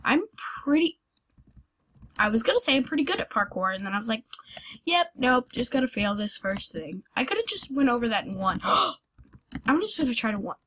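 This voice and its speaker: A young woman hosts her own gaming channel, her slightly high voice expressive, brisk, and fairly bright, with slight background noise. She rambles self-deprecatingly through a parkour game, yelping when she fails, while keyboard clicks sound behind her.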